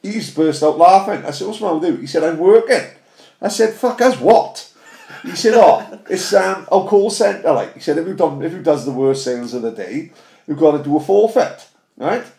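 Swansea host, slightly high voice, sweary storyteller, roomy echo. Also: male voice, animated, moderate pace, gravelly, dark tone. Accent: Welsh, Swansea. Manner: sweary storytelling, quotes others. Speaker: podcast host. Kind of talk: casual chat.

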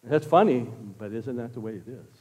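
A man preaching a sermon as pastor, impassioned, swinging from loud exclamations to hushed tones. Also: medium pitch, normal speed, slightly rough. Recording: long reverb of a church hall.

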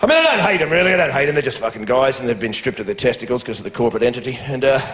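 A man's voice: medium pitch, animated, very fast, very noisy. A man with an Australian accent doing a profane, ranting stand-up comedy set, talking straight to a live audience. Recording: roomy club with loud crowd laughter.

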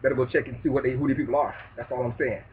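A man ranting in a loud, preachy, profane street manner in a vlog monologue. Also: mid-range voice, steady tone, racing, slight background noise. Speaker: vlogger. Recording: distant tinny phone-like sound.

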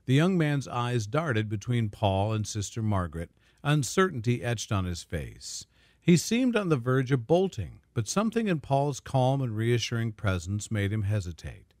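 A male narrator reading a scripted dramatic story in a smooth, even storytelling manner. His pitch rises and falls in a lively way, and the close recording sounds dry. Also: moderate pace, dry recording.

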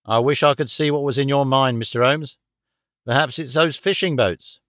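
A man's voice: medium pitch, normal speed, a bit bright, no echo, studio quality, lightly acted. A man reading an audiobook, voicing a blunt and doubtful middle-aged police inspector who probes and questions. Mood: skeptical. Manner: skeptical and probing.

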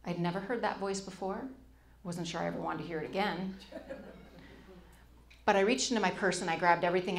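Animated woman telling a story on stage. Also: lowish voice. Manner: animated, acts out quoted voices. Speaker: speaker.

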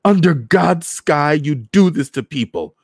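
A fierce young woman who speaks her mind, read by a man. She stays indignant and earnest, the low voice sitting close and dry with no room around it. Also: fairly even intonation, normal speed, a little mellow, no room sound. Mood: defiant.

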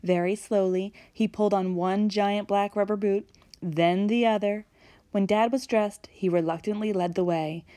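Woman, storybook reader, read-aloud, expressive, middle pitch, loud to hushed. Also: moderate pace, dry recording. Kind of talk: reading a children's picture book aloud.

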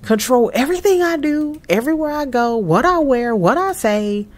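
A woman's voice: high voice, animated, moderate pace, pitched above the performer's own voice. A woman voicing a fed-up young wife and mother who defends herself, narrating dialogue for a life-sim game. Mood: weary. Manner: exasperated, defensive.

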